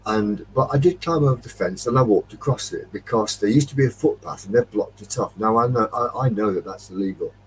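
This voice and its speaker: A man's voice: lowish voice, a little fast, hardly any pauses, far from the mic, slight background noise, poor audio. A man from Derbyshire with a Midlands accent, hosting a casual chat, rambling through a story and acting out the dialogue after a few beers. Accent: English Midlands. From Derbyshire, England. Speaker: metal detecting chat host.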